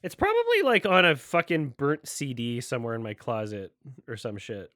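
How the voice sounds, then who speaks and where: A man's voice: medium pitch, big pitch swings, moderate pace, a bit bright, no room sound, clean studio sound. A man hosting a movie watch-along, rambling in loose casual commentary, often restarting and laughing.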